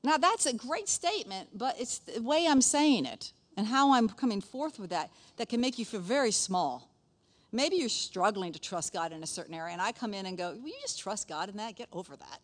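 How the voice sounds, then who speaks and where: A woman's voice: fairly high pitch, normal speed. A middle-aged woman giving a casual, chatty sermon as a pastor's wife, often checking in with the listeners. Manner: chatty, animated, frequent "okay?" asides.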